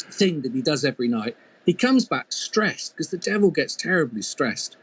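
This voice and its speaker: A man's voice: on the high side, husky. A man telling a folk tale as a storyteller, playful, with humorous asides. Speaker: storyteller and mythologist.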